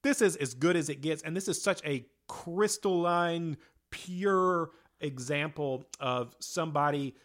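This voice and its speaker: A man's voice: a little high, a bit bright. A man co-hosting a casual podcast, talking enthusiastically and rambling with fillers. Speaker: podcast co-host. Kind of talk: casual chat.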